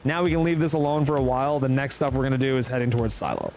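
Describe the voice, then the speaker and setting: A man's voice: mid-range voice, big pitch swings, racing, darkish tone, a little hiss or hum. A young man with a Canadian accent, casually explaining his moves as he plays through a live game guide. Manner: casual, explanatory, thinking aloud. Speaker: speedrunner streamer. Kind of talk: live commentary over gameplay.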